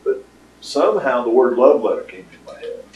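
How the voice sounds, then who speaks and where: Rambling older man pitching to a crowd. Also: sing-song, moderate pace, darkish tone, muffled recording, slight background noise. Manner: rambling storyteller with many fillers. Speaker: startup presenter. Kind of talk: casual pitch talk to an audience. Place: meeting room with audience. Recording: roomy, distant room recording.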